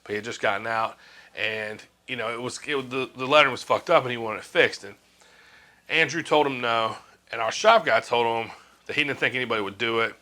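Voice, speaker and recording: A man's voice: mid-range voice, brisk, pushed and bright. A man in his forties telling a casual story from his years as a tattoo artist, swearing freely and acting out what others said. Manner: laid-back, swears freely, acts out quoted lines.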